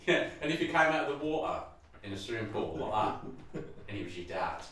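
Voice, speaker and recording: A man's voice: on the low side, fairly quick, a little hiss or hum. A young man riffs and jokes in casual chat, swearing freely and breaking into laughter. His voice swings up and down a lot. He sounds far from the mic in a very echoey room. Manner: sweary, laughing, lively banter.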